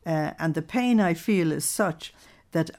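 A woman reading aloud the words of a grieving, gentle Jesus in a solemn, measured way. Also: sits low, expressive. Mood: sorrowful.

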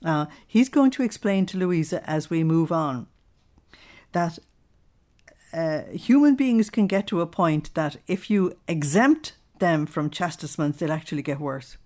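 A woman's voice: low-pitched, animated, darkish tone. A woman leading a Bible study, reading a devotional text aloud and stopping to explain it earnestly. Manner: earnest, explanatory, pauses to comment between readings.

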